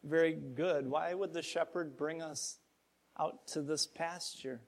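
Fretful worried sheep , voiced by a male pastor, a touch high. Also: steady tone, a little slow. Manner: anxious questioning.

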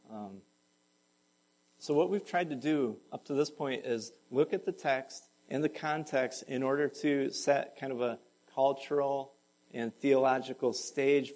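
A male pastor preaching a sermon to his congregation, moving from calm explanation to raised, impassioned pleading. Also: mid-range voice, rough recording.

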